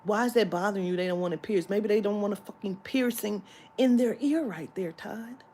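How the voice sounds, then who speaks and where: A woman's voice: mid-range voice, a little fast, mellow, a little hiss or hum. A woman vlogger telling a story in a heated, profane rant that breaks into laughter.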